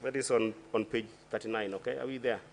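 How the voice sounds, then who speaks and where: Questioning a witness at a formal senate hearing, this Kenyan senator speaks deliberately, often using fillers and restarting. His mid-range voice is gravelly with fairly even intonation, and the recording is very noisy.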